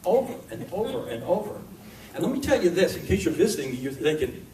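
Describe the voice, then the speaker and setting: High-voiced male preacher in echoey hall. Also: big pitch swings, noisy background. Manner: conversational, emphatic preaching with pauses. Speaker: pastor. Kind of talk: sermon. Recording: echoey hall recording from far off.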